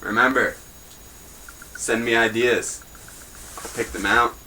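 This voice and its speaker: Young male host, bright tone, offhand crude jokes, casual mock newscast. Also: medium pitch, steady tone, takes it slowly, a little hiss or hum, low-quality recording. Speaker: host of a homemade news show.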